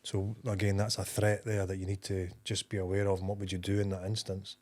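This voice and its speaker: Low-voiced man co-hosting a business podcast. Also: flat delivery, darkish tone. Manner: explains in a measured way with many fillers. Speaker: podcast co-host. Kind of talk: casual business podcast chat.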